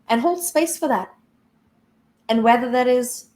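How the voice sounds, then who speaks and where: A woman's voice: on the high side, expressive, measured pace, darkish tone. A woman spiritual coach giving an emphatic, blunt motivational talk with casual swearing.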